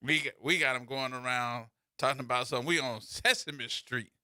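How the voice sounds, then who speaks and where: A man's voice: medium pitch, fairly even intonation, brisk, pushed and bright, no room sound, studio quality. A man hosting a radio talk show, teasing and telling stories in a playful way.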